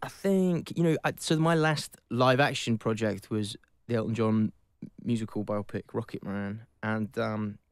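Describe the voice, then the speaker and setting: A man's voice: fairly low pitch, measured pace, clean tone, no room sound, studio quality. A Welsh actor in his thirties chatting in an interview, reflective and self-deprecating with many fillers. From Wales. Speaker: actor guest. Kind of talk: casual interview chat.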